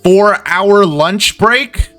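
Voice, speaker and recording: A man's voice: high voice, very slow, bright, forceful tone, faint music behind, pitched above the performer's own voice, full character voice. A man voicing an imperious, condescending woman office boss in a tabletop game. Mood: summoning. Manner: scolding, condescending.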